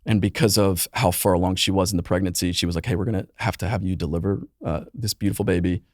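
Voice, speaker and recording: A man in his thirties, a youth pastor guest on a podcast, telling a painful personal story earnestly and with emotion, often softening his voice. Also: steady tone, fast talker, no room sound, studio quality. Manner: earnest, emotional storytelling, voice drops low and soft in painful moments. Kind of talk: personal testimony in conversation.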